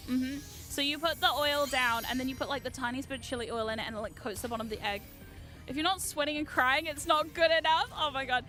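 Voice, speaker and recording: A woman streaming a game, chatting excitedly with her viewers, swearing freely and shouting at the game. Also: high-pitched, fast, faint music behind. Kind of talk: live-stream gameplay chat.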